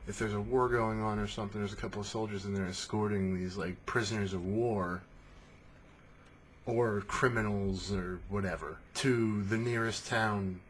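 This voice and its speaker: A man with a lowish voice rambles through a casual monologue about tabletop gaming. He swears freely and is animated. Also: moderate pace, a little hiss or hum. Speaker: tabletop game talker.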